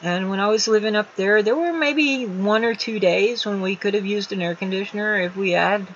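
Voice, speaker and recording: A woman hosts a casual livestream from a room in her home, talking at a middling pitch. She rambles easily, padding her sentences with ums and restarts. The audio is a little dull and lo-fi, with a faint hiss underneath. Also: normal speed. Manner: rambling, chatty, many fillers and restarts. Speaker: livestream host.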